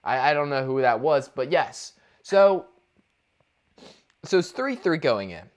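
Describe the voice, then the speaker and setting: Ranting higher-voiced man. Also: unhurried. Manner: animated ranting, many restarts and fillers. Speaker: podcast co-host. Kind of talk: casual sports talk.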